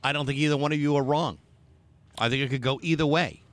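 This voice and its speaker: A man's voice: a little high, steady tone, fast, no echo. A man co-hosting a casual podcast chat, wry and teasing, often restarting his sentences. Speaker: podcast co-host.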